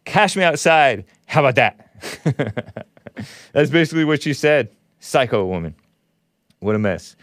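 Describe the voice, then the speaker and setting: A man hosting a call-in talk radio show, his voice dry and close with no room around it. He speaks at a middling pitch, blunt and combative, tossing out scornful remarks and short dismissive laughs. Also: expressive, measured pace, long pauses, dry recording.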